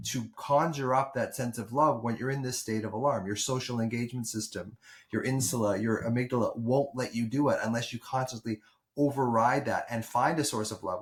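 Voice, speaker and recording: A man hosting a podcast as a doctor, explaining things thoughtfully with small restarts. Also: mid-range voice. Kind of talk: podcast conversation.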